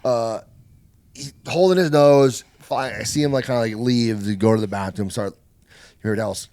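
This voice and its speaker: Excitable man telling a mosh pit story. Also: medium pitch, normal speed, dry recording. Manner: laughing, excitable anecdotes about metal shows. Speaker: podcast guest. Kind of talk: casual chat.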